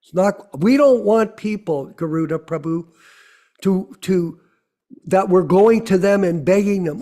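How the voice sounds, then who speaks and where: A man with a high voice hosts an online devotional gathering over a video call. He talks earnestly and repeats his key phrases to press a point home. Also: measured pace, mellow. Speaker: host of online devotional discussion. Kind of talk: exhortation to a video call audience.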